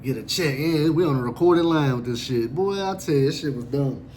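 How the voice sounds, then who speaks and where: A man tells a story from his own life in a loose, comic, profane style, acting out the other people as he goes. His voice sits high for a man, and a faint hiss runs under it. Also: brisk, a little mellow. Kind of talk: casual storytelling.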